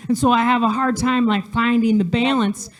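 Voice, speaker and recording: A woman performs a stand-up set in a chatty, self-deprecating way, full of fillers and quick restarts. Her voice sits a little higher than most women's. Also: steady tone. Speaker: stand-up comedian. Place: studio, audience not audible.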